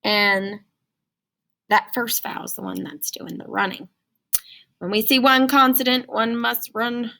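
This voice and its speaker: Woman teacher doing a phonics lesson for little kids, kinda high voice, lively and playful. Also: unhurried, creaky, long pauses. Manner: animated, sing-song, playful teacher voice. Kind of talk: recorded phonics lesson for children.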